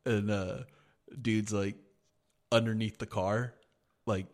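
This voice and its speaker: A man's voice: on the low side, level tone. Profane, laughing young man chatting. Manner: profane, laughing, mimics people in quick asides. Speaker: podcast co-host. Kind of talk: casual chat.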